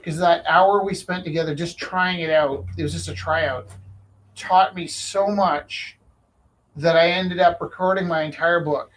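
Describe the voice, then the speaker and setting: Brief: male live-auction host, a bit higher-pitched, stumbles and restarts a lot, faint room noise behind. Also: fairly even intonation, low-quality recording. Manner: halting, many restarts and fillers. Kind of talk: casual live-stream storytelling.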